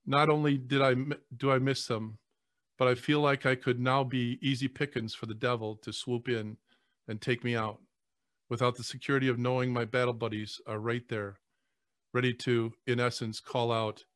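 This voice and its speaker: A man, a priest, speaking earnestly on a podcast, often halting and repeating words as he chokes back tears. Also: mid-range voice, fairly bright tone, dry recording, studio quality. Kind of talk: emotional podcast conversation.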